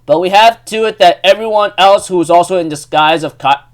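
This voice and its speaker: Casting: young male recap host, excitable, rambling, slightly high, clean voice. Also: fairly quick. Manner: excitable, rambling, laughs often, lots of fillers. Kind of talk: casual chat recap.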